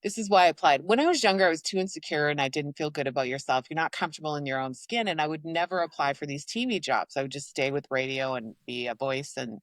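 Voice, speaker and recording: A middle-aged woman from Canada co-hosting a podcast, chatting casually and lively with big swings into mimicked voices. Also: low-pitched, quick pace, few pauses, no echo. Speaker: podcast co-host. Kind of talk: casual chat.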